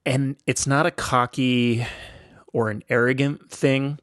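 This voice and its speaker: A man's voice: mid-range voice, steady tone, slow pace, a bit bright, no echo, studio quality. An older American man hosting a podcast, telling a story in an enthusiastic, chatty way with many fillers. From United States. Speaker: podcast host. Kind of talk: casual storytelling.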